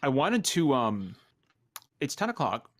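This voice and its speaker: A male podcast host chatting casually on a live gaming stream, his voice sitting at an ordinary middle pitch. He rambles, trips over his own restarts and drops swear words freely. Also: very animated, measured pace, fairly bright tone.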